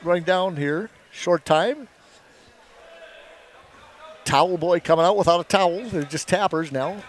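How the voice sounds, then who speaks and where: A man's voice: high-pitched, measured pace. A middle-aged man, a former coach, commentating a wrestling meet with rambling, chuckling anecdotes. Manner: rambling storyteller, chuckles often. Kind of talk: folksy play-by-play with anecdotes.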